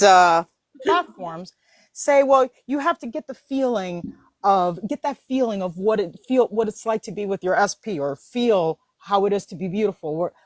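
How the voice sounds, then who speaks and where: A woman hosting a casual chat about mindset, telling animated stories full of laughs and voiced quotes. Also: on the high side, no echo, studio quality. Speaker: host.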